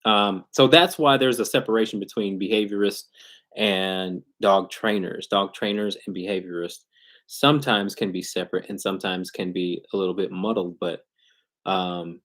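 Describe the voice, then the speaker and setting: A man who trains dogs, talking loosely and casually in a live question-and-answer stream, full of slang and restarts. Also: mid-range voice. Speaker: dog trainer hosting a live Q&A. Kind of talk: casual livestream talk. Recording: glitchy internet livestream.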